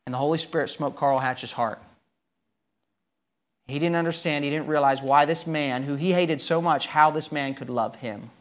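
A man preaching a sermon, telling a story with emphatic swings between loud and quiet. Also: fairly high pitch, moderate pace.

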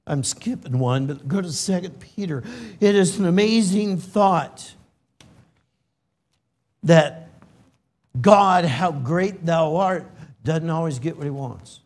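Slow, emotional high-voiced male preacher. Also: animated. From California. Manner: slow and emotional, swinging from loud emphasis to hushed near-whisper. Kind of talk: sermon.

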